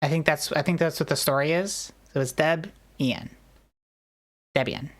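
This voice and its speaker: A woman's voice: low voice, normal speed. A woman streamer in casual chat, rambling and joking at her own expense. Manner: rambling, self-deprecating, jokey.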